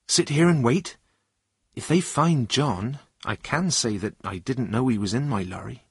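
A man playing a level-headed lorry driver who talks calmly. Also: mid-range voice, unhurried, husky, no echo, studio quality. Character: steady adult lorry driver.

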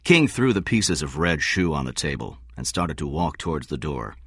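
A man narrating a story as an audiobook, measured and expressive. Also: very deep voice, slightly rough, no echo, studio quality. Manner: measured, expressive reading with voiced dialogue.

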